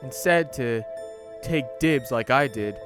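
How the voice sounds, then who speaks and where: A man reading a horror story aloud in a slow, deliberate narration. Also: medium pitch, over music.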